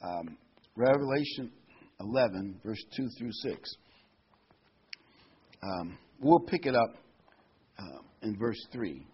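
A man with a husky voice delivers a sermon, leaning hard on key scripture words. The recording sounds dull and lo-fi. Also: fairly low pitch, sing-song, slow pace, pauses often. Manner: emphatic, reads and stresses scripture words. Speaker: preacher.

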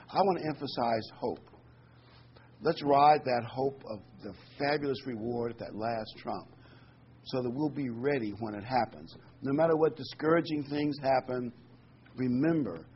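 A male preacher delivers a sermon at a middling pitch, shifting between emphatic scripture reading and loose, folksy asides. The recording is a little dull, with a faint hiss behind him. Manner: conversational, folksy asides with fillers; reads scripture with rising emphasis.

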